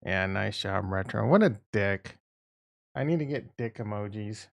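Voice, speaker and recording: Gravelly, excitable livestream man. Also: fairly low pitch, unhurried. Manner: excitable, profane, riffing with viewers. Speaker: livestream host. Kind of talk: casual livestream chat about trading.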